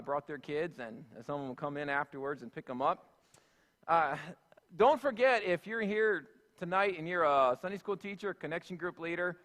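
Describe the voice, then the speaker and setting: A man's voice: on the high side, fairly bright tone. A man giving a sermon as senior pastor, folksy and conversational, with plenty of asides and fillers. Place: church sanctuary. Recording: echoey church hall.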